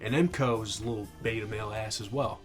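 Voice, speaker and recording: A man's voice: on the low side, quick pace, soft background music. A young man, an army veteran, angrily telling a profane story in a casual vlog. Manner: angry, profane, acts out quoted dialogue.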